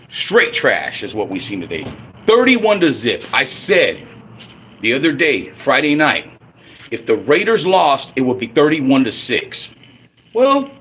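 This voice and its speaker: A man's voice: on the high side, a bit bright, slight background noise. A man in his forties ranting angrily and profanely as a fan on his own livestream. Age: 40s. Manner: angry, profane, blunt. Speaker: livestream host.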